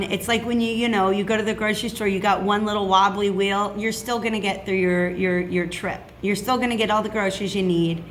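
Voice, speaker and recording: A woman's voice: mid-range voice, steady tone, brisk, hardly any pauses, slight background noise. A woman giving a casual tarot reading, chatty and reassuring, checking in with "okay?" often. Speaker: tarot reader.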